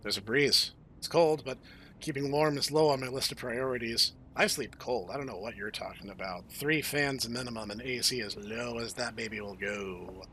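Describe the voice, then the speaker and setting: A man's voice: medium pitch, normal speed, pushed and bright, slight background noise. A man hosting a let's play, reading game text aloud with playful, jokey asides. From United States. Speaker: host.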